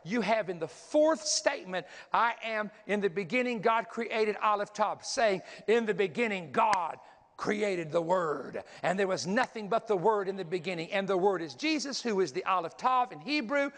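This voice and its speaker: A man's voice: sits high, animated, moderate pace, a bit bright. A man preaching a sermon, teaching energetically, counting aloud and pointing things out as he goes. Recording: long hall reverb.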